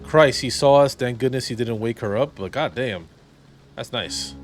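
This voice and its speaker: A man's voice: mid-range voice, moderate pace, faint music behind. A man doing casual, crude, joking commentary while playing a video game. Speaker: gameplay streamer.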